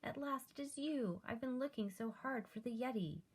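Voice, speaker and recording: Eager storybook boy hero, high and exclaiming, put on by a woman. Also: expressive, moderate pace, breathy edge. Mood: excited. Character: eager excited young boy explorer.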